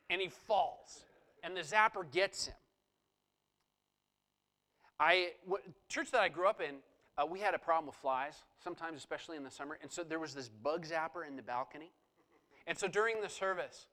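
Easygoing male pastor, fairly high voice. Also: moderate pace. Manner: relaxed, conversational, with frequent fillers. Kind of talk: sermon and church announcements.

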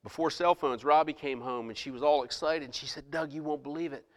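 A middle-aged pastor shares a personal testimony with his congregation during a church sermon, often restarting and quoting dialogue. His voice sits on the high side, with a steady tone and a brisk pace, echoing in a large hall.

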